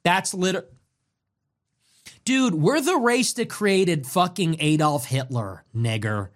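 This political commentator, a man whose voice sits on the high side, rants in an animated but unhurried way. He mocks with contempt and uses emphatic repetition to pound his points.

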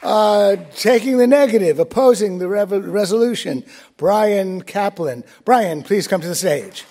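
A man moderating a live debate, introducing the speakers with halting, filler-laden phrasing. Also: high voice, lively intonation, warm tone, a faint crowd, a little hiss or hum.

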